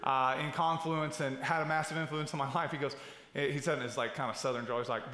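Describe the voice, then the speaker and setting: A man's voice: medium pitch, steady tone, fast talker, pushed and bright. A middle-aged man, a pastor, preaching a sermon in a conversational way, with restarts, asides and rhetorical questions. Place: large church hall. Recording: echoey church hall.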